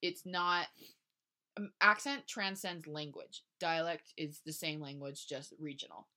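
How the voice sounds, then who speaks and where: A woman's voice: low voice, steady tone, unhurried, sharp tone. A young woman co-hosting a podcast, joking about her old fan fiction and explaining things like a mock lesson. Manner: chatty and joking, explains things in a lecturing tone, laughs at herself. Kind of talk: casual chat.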